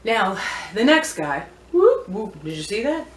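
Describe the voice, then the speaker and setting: A woman's voice: mid-range voice, big pitch swings, moderate pace, fairly bright tone, a little hiss or hum. Chatty woman in an echoey room. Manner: chatty, playful, digressive. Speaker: vintage and antiques seller. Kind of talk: casual show-and-tell vlog.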